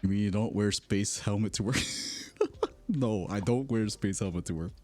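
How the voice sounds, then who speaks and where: Giggly man with a mellow low voice. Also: moderate pace, soft background music. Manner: laughs often while telling stories; rambling, self-correcting storyteller. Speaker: streamer. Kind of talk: casual stream chat.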